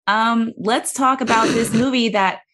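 A woman's voice: on the high side, unhurried, a bit bright. A woman hosting a podcast in casual, joking chat, laughing often between remarks. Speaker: podcast host.

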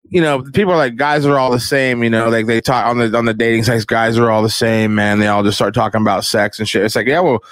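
A man's voice: a bit bright, dry recording. Profane rambling man, dry close sound. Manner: crude, rambling, profane, mimics others in high voices. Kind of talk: casual chat.

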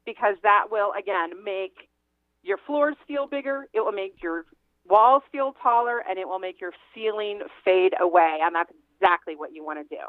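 A woman's voice: medium pitch, lively intonation, moderate pace, no room sound. Chatty woman on a tinny phone line. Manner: chatty, emphatic, laughs often. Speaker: real estate agent guest. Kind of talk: radio interview advice.

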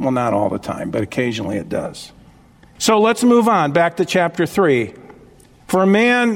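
A man's voice: sits high, in a large hall. A male pastor preaching a sermon, stressing key phrases, repeating them and checking that listeners follow.

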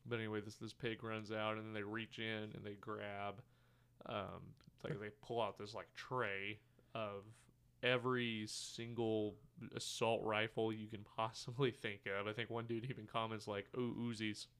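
A man co-hosting a podcast casually recaps a movie scene by scene, rambling with fillers and quoting lines. His voice sits on the low side, level in tone, a bit bright and smooth, at normal speed, in a relaxed movie review chat.

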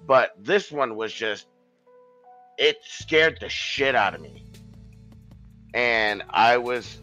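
A man's voice: medium pitch, expressive, slow pace, pushed and bright, faint music behind, poor audio. A man telling a long story in a casual podcast chat, rambling, swearing and restarting his sentences.

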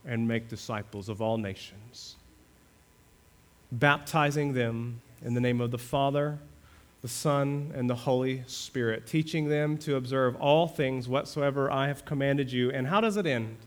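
A male pastor preaching a sermon, asking the congregation questions and building to fervent high points. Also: a little slow. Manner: preaching with rising fervor, rhetorical questions to the congregation.

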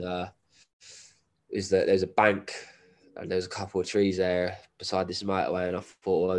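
A deep, low-pitched man, spinning a story casually for a podcast. He swears freely, drops laddish slang, and sounds like he is nursing a cold. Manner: swearing, laddish slang, laughs while telling. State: has a cold. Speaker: guest, endurance runner.

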